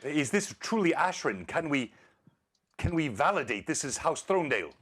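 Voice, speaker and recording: A man's voice: on the high side, big pitch swings, moderate pace, a bit bright, husky, voice pushed up, heavily acted. A man voicing suspicious, formal city guards in a tabletop game.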